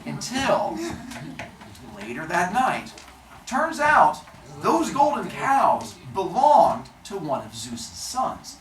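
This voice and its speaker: A woman telling a myth to children in a lively, playful way, adding sound effects. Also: medium pitch, slow. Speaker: storyteller. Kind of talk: animated storytelling for children. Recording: roomy, distant mic, faint noise.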